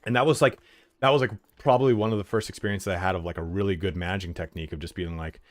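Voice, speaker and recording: A man's voice: low voice, steady tone, racing, dry recording, faint music behind. A young man streaming from home, chatting casually and telling rambling stories with lots of swearing and filler words. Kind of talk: casual livestream chat.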